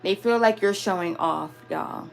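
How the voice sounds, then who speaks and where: A woman's voice: medium pitch, a little slow, gravelly, soft background music. A woman hosting a casual live spiritual reading on her phone camera, chatty and affectionate toward her viewers. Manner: affectionate, chatty, calls viewers "my babies" and "y'all".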